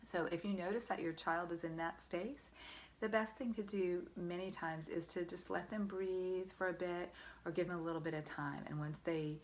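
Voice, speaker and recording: A woman's voice: fairly low pitch, steady tone, normal speed. A woman parenting coach giving earnest, encouraging advice straight to the listener, often checking in with them. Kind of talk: direct-to-camera parenting advice.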